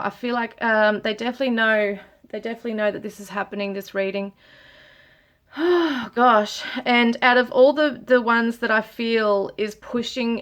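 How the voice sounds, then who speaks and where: A woman talking to her viewers while giving a tarot reading, earnest and emotional, with frequent pauses, sighs and ums. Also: medium pitch. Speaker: tarot reader. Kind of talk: casual spiritual reading to camera.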